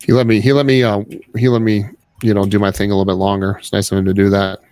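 A man co-hosting a casual podcast, joking and tossing in quick one-liners. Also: on the low side, flat delivery, darkish tone, smooth. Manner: jokey, echoes the other host with quick one-liners. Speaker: podcast co-host.

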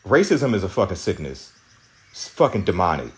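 A man's voice: low voice, very animated, moderate pace. A young man hosting a podcast, telling an angry story in a profane, agitated rant with many restarts. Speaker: podcast host.

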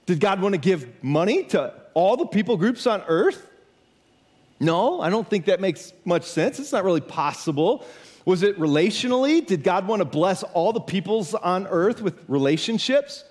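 A pastor giving a conversational sermon from the United States, emphatic and full of rhetorical questions. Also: male voice, sits high, big pitch swings, normal speed, a little mellow.

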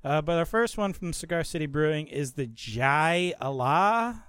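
Lively joking male podcast host. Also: a little high, measured pace, clear, resonant tone, no room sound, studio quality. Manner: joking, bossy, steers the talk. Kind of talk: casual beer-tasting chat.

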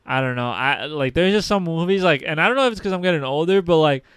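A man's voice: a little high, animated, fast, a bit bright, clear, resonant tone. A young man co-hosting a podcast in casual chat, slangy and emotional, saying "bro" constantly. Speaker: podcast co-host.

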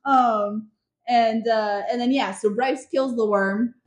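A woman's voice: on the high side, fairly even intonation, unhurried, darkish tone. A young woman casually recapping book chapters on a podcast, chatty and full of fillers, laughing often. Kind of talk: casual chat. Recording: echoey room.

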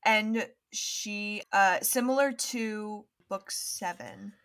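A woman's voice: mid-range voice, extremely slow. A woman running a tabletop game as game master, narrating loosely with many fillers. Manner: relaxed, filler-heavy narration.

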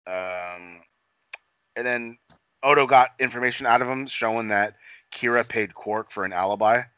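Rambling, bright-voiced man recapping casually. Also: medium pitch, normal speed, smooth, no room sound, highs cut off. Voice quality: rambling, lots of fillers and quoted lines, swears often. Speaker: podcast co-host recapping an episode. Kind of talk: casual profane chat.

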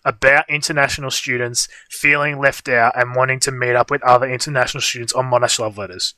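A young man co-hosts a livestream, telling a long, meandering story in casual chat with plenty of fillers. His voice has a bright edge, and the recording is dry and close. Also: mid-range voice, fairly even intonation, quick pace, dry recording. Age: young adult. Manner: rambling storytelling with frequent fillers. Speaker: livestream co-host.

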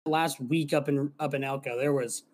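This podcast co-host has a mid-range voice with fairly even intonation and talks at normal speed. He chats casually, rambling along and swearing from time to time.

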